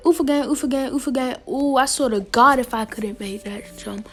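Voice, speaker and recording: A woman's voice: high voice, brisk, soft background music. A woman giving casual, playful gameplay commentary as a game streamer, teasing other players and often dropping into a whisper.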